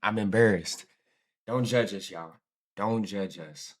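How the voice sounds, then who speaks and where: A man's voice: fairly low pitch, takes it slowly, noisy background. An American man hosting a reaction video, chatting casually in slang and laughing at his own people. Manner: chatty, slangy, self-mocking, often trails off softly.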